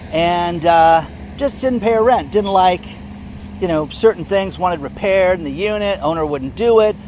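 A man's voice: sits high, a little hiss or hum. Indignant man in a news vlog. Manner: indignant, emphatic, keeps asking "okay?". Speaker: online commentator. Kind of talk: casual news commentary vlog.

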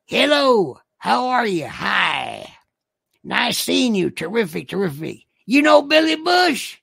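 A man putting on a mock Southern voice to play a brash, boastful older man, reading loudly and dragging out the words. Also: high-pitched, creaky, slightly rough, no room sound, studio quality, exaggerated voice. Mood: mocking bluster. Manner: loud, drawn-out exaggerated reading. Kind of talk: comic dramatic reading.

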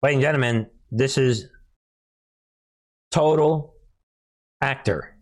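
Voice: medium pitch, slow pace. A commentary host who talks to viewers as folks, sarcastic and often laughing. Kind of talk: casual online commentary.

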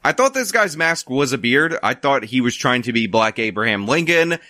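A man's voice: medium pitch, big pitch swings, normal speed, pushed and bright, dry recording, studio quality. A man ranting sarcastically as he comments on news clips, mocking and worked up. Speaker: political commentator.

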